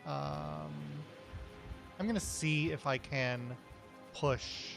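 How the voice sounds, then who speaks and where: Gravelly man thinking aloud at the table. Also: medium pitch, huge pitch swings, very slow, over music. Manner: hesitant, thinks aloud with many likes and ums. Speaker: player. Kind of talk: casual tabletop game play.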